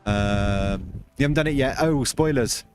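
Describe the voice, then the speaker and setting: A man's voice: medium pitch, measured pace, a little mellow, soft background music. Chatty man streaming a game. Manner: chatty, reads chat aloud, rambling with restarts. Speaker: livestream host. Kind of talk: casual game livestream chat.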